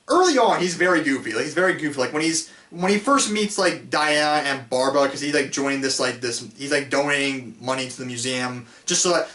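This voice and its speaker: A man's voice: mid-range voice, a bit bright. A man hosting a casual film review show, rambling with lots of fillers and restarts and laughing often. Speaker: host reviewing films. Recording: echoey, distant mic.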